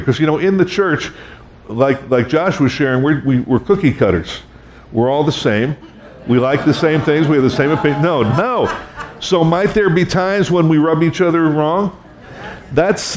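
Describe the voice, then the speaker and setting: A man's voice: on the high side, darkish tone. A middle-aged man preaching a sermon, conversational and self-deprecating, acting out quoted voices. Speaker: pastor.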